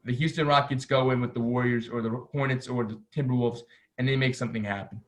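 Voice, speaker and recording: A young man co-hosting a casual sports podcast, talking in an excitable, rambling way full of "like"s. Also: mid-range voice, fast talker. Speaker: podcast co-host.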